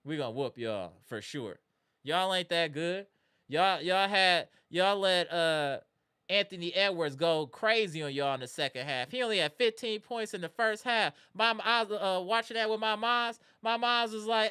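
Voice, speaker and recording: Brief: animated trash-talking basketball reaction host, bright, clean tone. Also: medium pitch, normal speed, clear, resonant tone. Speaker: live sports reaction streamer. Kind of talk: casual sports reaction rant.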